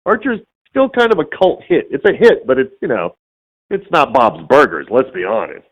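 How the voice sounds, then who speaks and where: A man speaking as a guest in a relaxed interview, his voice sitting at an ordinary middle pitch. He tells his stories with lively energy and slips into exaggerated voices for the people he quotes. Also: moderate pace, slightly rough, dull audio. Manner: animated storyteller who acts out quoted voices. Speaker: voice actor guest. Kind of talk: casual interview storytelling.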